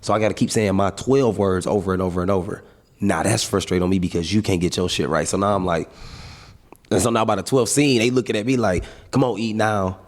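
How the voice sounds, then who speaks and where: Low-voiced man telling stories casually. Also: fast. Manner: relaxed storytelling, slangy, animated asides. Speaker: guest, comedian and actor. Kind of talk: casual interview chat.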